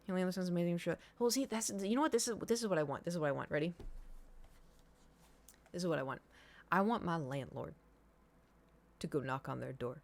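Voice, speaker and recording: A woman's voice: on the low side, quick pace, vocal fry, pauses often. A young woman streamer rambling through a casual story, full of "like" and "you know". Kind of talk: casual chat.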